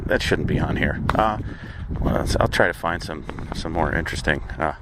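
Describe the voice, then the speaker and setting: A man hosting a comedic audio journal, rambling in a halting, apologetic way with frequent stammers and restarts. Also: a bass voice, heavy background noise. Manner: apologetic, halting, stammering, with sudden sung outbursts. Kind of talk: rambling deadpan comedic monologue.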